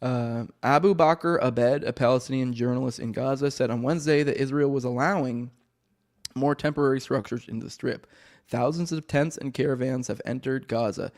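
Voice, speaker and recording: A man hosts a casual news podcast, his voice sounding choked up and a little rough. He reads articles aloud, then drifts into rambling commentary full of restarts and offhand swearing. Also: medium pitch, normal speed, darkish tone. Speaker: podcast host.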